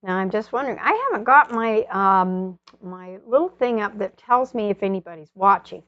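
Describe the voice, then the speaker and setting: A woman's voice: mid-range voice, expressive, moderate pace, no echo, muffled recording. A woman demonstrating an oil painting step by step, chatting and thinking aloud as she works. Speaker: painting instructor.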